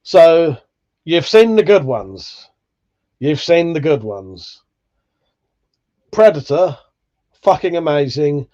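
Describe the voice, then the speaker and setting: A man's voice: on the high side, very animated, slow pace, pauses often, mellow, highs cut off. A man hosting a livestream, chatting casually and reading out viewer comments, swearing freely and laughing at himself. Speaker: livestream host.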